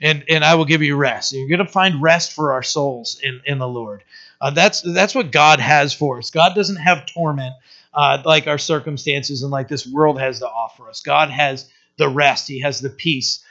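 A man's voice: a little high, moderate pace, pushed and bright. A man preaching a sermon as pastor, in a conversational way, asking the congregation questions. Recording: dull lo-fi recording.

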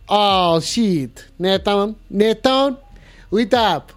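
A man's voice: high voice, slow pace, clean tone, soft background music. A man hosting a live call-in show in a clumsy put-on French accent, playful and rambling.

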